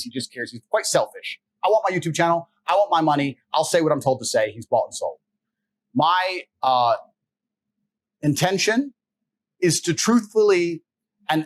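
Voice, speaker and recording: A man's voice: medium pitch, rough recording. A man being interviewed as a guest, telling stories in a blunt, emphatic way and swearing freely. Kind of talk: casual interview storytelling.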